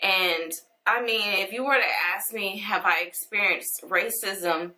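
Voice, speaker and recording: A young woman in a personal video monologue, tearful and earnest, pausing and restarting her sentences. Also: mid-range voice, pushed and bright, low-quality recording. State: crying, tearful. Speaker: vlogger.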